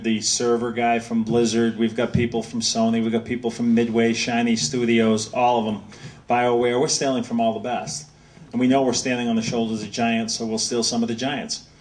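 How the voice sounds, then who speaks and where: Middle-aged man telling stories from afar. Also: mid-range voice. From Massachusetts. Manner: animated, rambling storyteller. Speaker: author speaking at a book signing. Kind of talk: anecdotal talk to an audience. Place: bookstore event space. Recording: voice heard from a distance.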